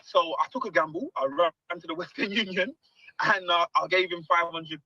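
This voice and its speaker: A man tells stories in a lively, swooping, high voice, acting out every quoted line. His tone is bright and sharp. The recording is dry and dull, with a lo-fi edge. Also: normal speed, no echo. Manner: animated, acts out quoted dialogue. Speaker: guest musician. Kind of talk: storytelling interview.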